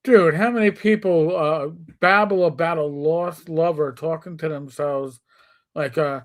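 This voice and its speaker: A man with a New York accent, in his fifties, spinning stories on a casual live stream. His voice sits slightly higher than most men's. He slips into quick voices for the people he quotes. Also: fairly even intonation. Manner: storytelling, acts out quoted players with shifting voice. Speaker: co-host.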